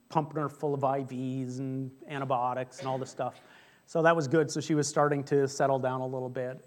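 A middle-aged man preaching a sermon as pastor, telling a personal story in a chatty, joking way. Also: medium pitch. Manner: chatty storytelling, jokes with congregation.

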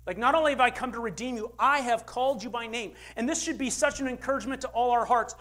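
High-pitched older guy pastor preaching a sermon, punchy and emphatic. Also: fast, fairly bright tone. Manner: emphatic, dynamic swings in pitch and volume.

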